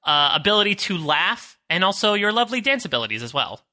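A man's voice: high-pitched, big pitch swings, fast, sharp tone. A man co-hosting a podcast, chatting in a playful, enthusiastic way. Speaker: podcast co-host. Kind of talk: casual podcast chat.

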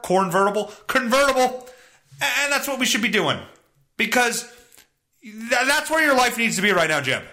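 A man's voice: very high-pitched, pushed and bright. A man hosting a solo podcast, ranting in a sarcastic, profane way. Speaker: podcast host. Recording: roomy echo.

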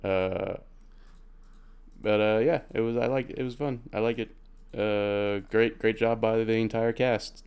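A man chats as a podcast co-host in a smooth, lowish voice. He wanders through his thoughts in an easygoing way, with fillers. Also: fairly even intonation, unhurried, a little mellow. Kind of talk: casual chat.

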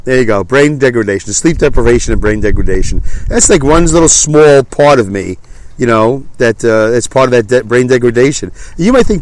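A man's voice: medium pitch, expressive, fairly quick, darkish tone, slight background noise. Self-deprecating stuffy-nosed man. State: congested, stuffy nose. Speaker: podcast host. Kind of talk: casual solo podcast monologue.

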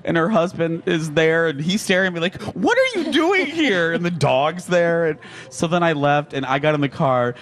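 Male radio co-host, slightly high voice, lively storyteller who laughs mid-sentence. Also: normal speed. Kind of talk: casual storytelling on live radio.

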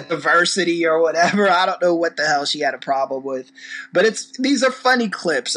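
In a bright, sharp voice of ordinary pitch, a podcast host rambles through a commentary rant, restarting as he goes. He's blunt and profane, tossing in sarcastic asides and sudden emphatic bursts. The recording is rough.

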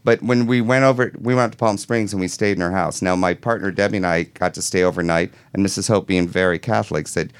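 A man from Michigan, a holiday decorator telling animated anecdotes as a guest on a casual talk show. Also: low-pitched, quick pace, hardly any pauses, clear, resonant tone. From Midwest US, Michigan. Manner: animated anecdote teller, acts out quotes.

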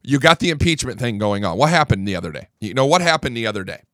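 A man's voice: medium pitch, lively intonation, fast, bright, forceful tone, dry recording, studio quality. A man hosting a political talk show who rants angrily and combatively. He swears freely and repeats words when worked up. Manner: angry, combative, swears a lot.

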